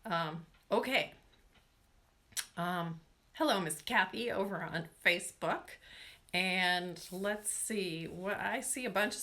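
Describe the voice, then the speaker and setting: This fairly low voice sounds pushed and bright, and she takes her time. Hosting a casual nail-care livestream, the woman from Washington state rambles chattily, uses "y'all" often, and reads out viewer names and the questions they send.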